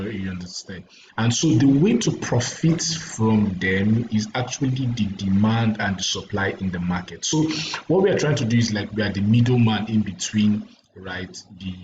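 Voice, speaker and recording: A tired, yawning man with a Nigerian accent teaches a casual trading lesson late at night, often checking in with "right?" and "you understand?". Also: fairly low pitch. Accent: Nigerian English. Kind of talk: casual explanatory lecture. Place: recording indoors late at night. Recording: echoey room, dull lo-fi sound, faint background hiss.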